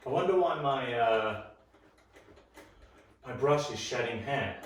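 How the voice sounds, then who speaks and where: Male vlog host, casual and chatty, mid-pitched, recorded in an echoey bathroom. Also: slow. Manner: relaxed, chatty, swears when enthusiastic. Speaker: shaving channel host. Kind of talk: casual shaving vlog talk. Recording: roomy, echoey sound.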